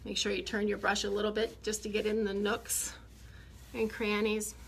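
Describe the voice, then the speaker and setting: A woman's voice: medium pitch, little pitch movement, moderate pace, vocal fry. A woman chatting eagerly with her viewers while she demonstrates how to paint furniture, a little short of breath from working. She talks straight to the camera and gushes over each detail. The phone recording carries a faint background hum. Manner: chatty, enthusiastic, addresses viewers directly. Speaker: furniture refinisher.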